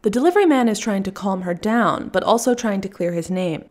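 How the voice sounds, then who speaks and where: A woman's voice: medium pitch, animated, fairly quick, darkish tone. A woman narrating a first-person story in a wry, dry storytelling manner.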